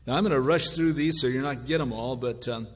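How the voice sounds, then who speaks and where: Man preaching in a reverberant hall. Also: medium pitch. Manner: reads word lists slowly, mock-gentle asides. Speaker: pastor. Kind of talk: sermon.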